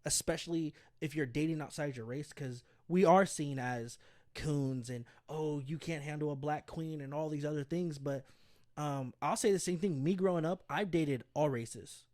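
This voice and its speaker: A man's voice: fairly high pitch, normal speed, a little mellow. A young man co-hosting a podcast in casual chat, talking earnestly and often repeating words while he thinks. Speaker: podcast co-host.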